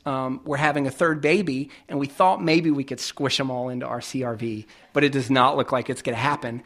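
A male pastor preaching a conversational sermon, illustrating his points with everyday examples and moving between emphatic and quiet delivery. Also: mid-range voice, fairly quick.

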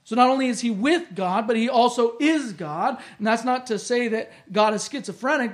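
An earnest Bible teacher explaining scripture in an emphatic way, often dropping the voice low on key phrases.

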